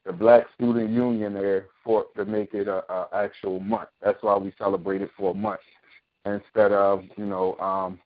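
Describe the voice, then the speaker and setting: A man's voice: fairly low pitch, little pitch movement, moderate pace, dry recording. A man hosting a casual talk show, explaining his views emphatically and often asking "you know what I mean?". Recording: thin phone-like sound.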